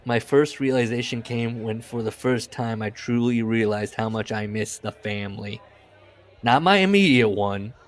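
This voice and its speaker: A man's voice: mid-range voice, moderate pace. A man co-hosting a casual comedy podcast, reading book passages aloud with mock solemnity and laughing often.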